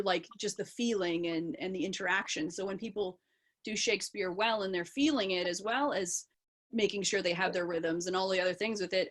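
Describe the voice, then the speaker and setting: A woman actor and accent coach talking in a panel video chat, animated and explanatory. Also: medium pitch. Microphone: video call.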